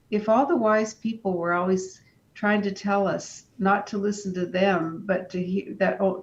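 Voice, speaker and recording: A woman, a guest in an interview, telling a personal story in a calm, unhurried way, often stopping to restart her sentences. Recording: dull lo-fi sound with faint rumble.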